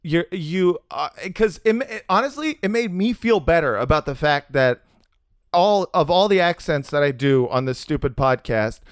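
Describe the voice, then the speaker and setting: A man hosts a comedy podcast in a high, very lively voice that swings up and down. He riffs and laughs freely and slips into voices. The sound is close and dry. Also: smooth, no room sound. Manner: animated, laughing, quick to riff and do voices. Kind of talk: casual podcast chat.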